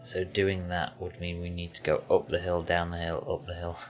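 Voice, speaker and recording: Man, very low voice, dry offhand streamer chat, faint music behind. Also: completely flat delivery, moderate pace. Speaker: gaming streamer. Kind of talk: casual commentary while playing.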